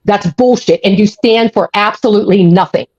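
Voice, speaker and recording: Swearing frequently and going over the same points again and again, a woman delivers a heated rant on her live stream. Her medium-pitched voice is brisk and darkish with a breathy edge, captured in a dry but dull, lo-fi recording.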